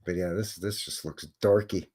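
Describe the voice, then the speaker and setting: Deep, dark, and husky, this Canadian host's voice stays steady at a normal speed as he chats and cracks jokes on a live show. He's reacting on the fly to old photos in front of him.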